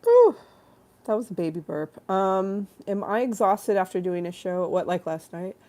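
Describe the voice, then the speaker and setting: A woman's voice: mid-range voice, very animated, moderate pace, mellow. A tired, yawning woman hosting a casual livestream talk show, rambling and self-mocking, laughing often and reading chat aloud.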